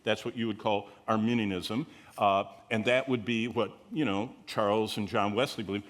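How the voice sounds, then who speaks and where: This man's intonation is fairly even and his pace moderate as he teaches Scripture to a live audience. His lecture is conversational and full of digressions, with rhetorical questions to the group and key words raised in pitch for emphasis.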